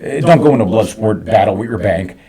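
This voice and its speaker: Fast-talking man telling a heated story. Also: on the low side. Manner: fast, heated, animated storytelling with frequent swearing. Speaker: business owner and podcast host. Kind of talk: casual podcast storytelling.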